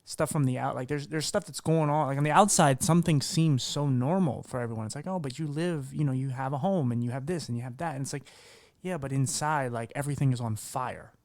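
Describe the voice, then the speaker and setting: A man's voice: mid-range voice, a little fast, a little mellow, no room sound. A man hosting a podcast interview, talking candidly in a rambling way with many restarts. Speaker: podcast host. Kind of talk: casual conversational interview.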